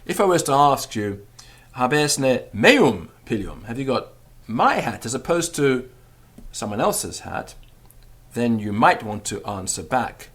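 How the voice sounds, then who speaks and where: A male teacher talks through a grammar lesson at an unhurried, deliberate pace. His voice rises and falls a lot, and he repeats each phrase slowly so it sinks in. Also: breathy edge. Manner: slow, patient drilling with repeated example phrases; lively rising and falling pitch. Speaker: Latin teacher. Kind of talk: spoken language lesson.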